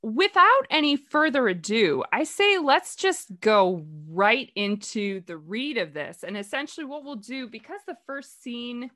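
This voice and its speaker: A woman's voice: fairly high pitch, big pitch swings, a little slow, hardly any pauses, sharp tone. A woman hosting a play-reading group, chatty and rambling with lots of fillers. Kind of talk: casual talk.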